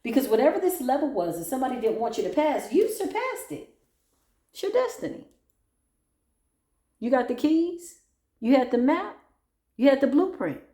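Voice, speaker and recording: With a high-pitched, sing-song, mellow voice, this tarot reader speaks at normal speed and pauses often. She is blunt and profane, mocking the people she reads about and breaking into laughter, in a recording with roomy echo.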